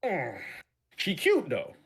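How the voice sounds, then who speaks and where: A man's voice: a little high, huge pitch swings, slow pace, creaky, a bit bright, slightly rough. A man as a guest on a casual live-stream chat show, ranting passionately with many repeats and profanity.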